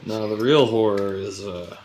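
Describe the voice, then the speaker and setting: A man with a somewhat low voice talks through a sci-fi role-play as a crew leader. He muses out loud in a loose, casual way and swears freely, with faint noise in the background. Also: normal speed, poor audio. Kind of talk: in-character role-play chat.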